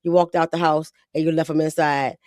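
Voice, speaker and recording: A woman's voice: deep voice, flat delivery, a little fast, darkish tone, no room sound, studio quality. A woman hosting a podcast, talking bluntly in casual slang, often acting out quotes. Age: adult with a daughter. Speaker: podcast host.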